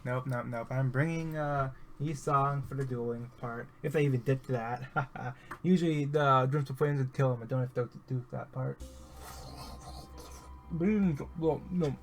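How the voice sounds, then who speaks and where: A man's voice: mid-range voice, measured pace, faint music behind. A man giving casual, jokey gameplay commentary that wanders off on tangents, and at times reading a scripture passage aloud. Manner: rambling, jokey, self-interrupting.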